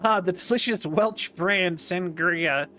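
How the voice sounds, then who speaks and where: A man's voice: high voice, slow pace, sharp tone, a little hiss or hum. A male streamer chatting over gameplay in a rambling, self-deprecating way. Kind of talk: live-stream gameplay chat.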